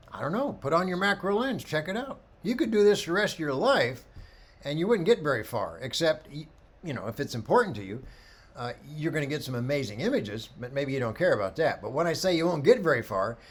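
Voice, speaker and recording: A middle-aged man teaching a photography workshop, telling lively anecdotes and acting out the people in them. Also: a little high. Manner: animated storyteller, acts out quoted voices.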